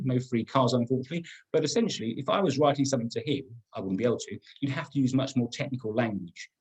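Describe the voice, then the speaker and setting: A man's voice: mid-range voice, a little mellow, breathy edge, poor audio. A middle-aged man teaching a business-writing webinar, emphatic and often repeating words as he restarts. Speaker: business trainer.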